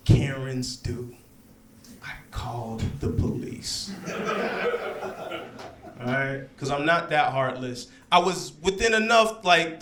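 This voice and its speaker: A man performing a stand-up set in a lounge, telling stories with lots of check-ins to the crowd. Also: fairly high pitch. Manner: animated storytelling with frequent check-ins to the crowd. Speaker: stand-up comedian. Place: comedy lounge with live audience. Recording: echoey club, faint room noise.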